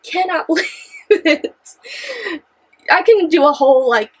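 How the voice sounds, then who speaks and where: A young woman with a high voice talks through a book she loves in casual chat. She gushes and exclaims, and she trips over repeated phrases when she gets worked up. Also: lively intonation, unhurried, rough recording. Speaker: book reviewer. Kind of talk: excited casual book discussion.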